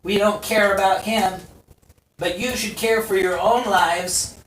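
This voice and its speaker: A game master voicing a taunting, boastful male warrior who makes loud, sneering threats, heard in a noisy, distant live stream. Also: medium pitch, steady tone, unhurried, reverberant, voice pushed up, natural voice. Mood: menacing.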